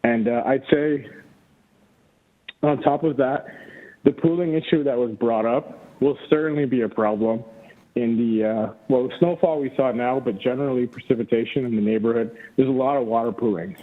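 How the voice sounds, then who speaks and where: Breathless man on a tinny phone line. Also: mid-range voice. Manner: earnest, halting, many fillers. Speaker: neighbour speaking at a public hearing. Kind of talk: public hearing testimony.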